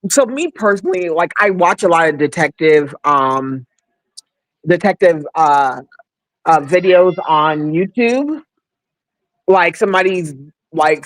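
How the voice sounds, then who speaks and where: Man with a high voice, joking co-host in casual live banter. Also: fairly bright tone, dry recording. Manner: joking, playful storyteller.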